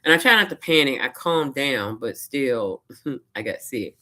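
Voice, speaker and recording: A woman's voice: very deep voice, lively intonation, a little slow, bright, forceful tone. A woman from Louisiana, chatting casually in a vlog and retelling her days with quoted asides. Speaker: vlogger. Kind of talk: casual personal storytelling.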